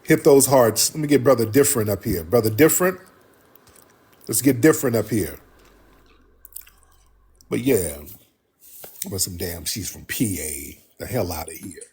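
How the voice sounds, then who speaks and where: A man's voice: on the low side, lively intonation, moderate pace, pauses often, a little mellow, breathy edge. A man hosting a livestream, giving heated, blunt, profane commentary to his viewers. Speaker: livestream host.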